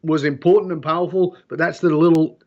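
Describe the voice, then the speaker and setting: A middle-aged man with a fairly high voice talks as an interview guest, emphatic and animated, and he acts out other people's lines as he tells his stories. The audio is dull and lo-fi. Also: brisk. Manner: emphatic, storytelling, acts out quoted dialogue.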